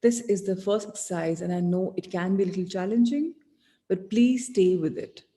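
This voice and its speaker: A woman leading a self-help lesson, gentle and encouraging, repeating her key points. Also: medium pitch, moderate pace. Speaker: self-help course leader. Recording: long hall reverb.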